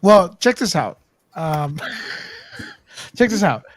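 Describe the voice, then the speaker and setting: A man's voice: high voice, very animated, slow pace, no room sound. A man hosting a casual livestream chat, joking and teasing his guests and swearing freely. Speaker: host.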